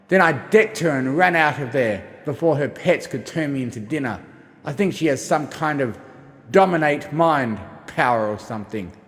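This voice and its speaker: A man narrating a first-person journal as an audiobook, reading expressively and shifting between gruff and frightened delivery. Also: medium pitch, big-room sound. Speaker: audiobook reader.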